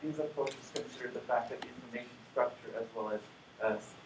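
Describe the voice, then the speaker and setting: Male academic, halting lecture full of ums, heard from afar in a roomy, noisy hall. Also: medium pitch, steady tone. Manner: halting, many fillers and restarts. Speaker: conference plenary speaker. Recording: echoey hall, distant mic, noisy.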